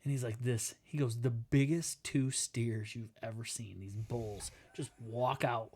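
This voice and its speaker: A man co-hosting a casual podcast, telling a story with lively acted-out quotes and laughing as he talks. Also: mid-range voice, a little slow, slightly rough. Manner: animated storyteller, acts out quotes, laughs while talking. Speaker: podcast co-host.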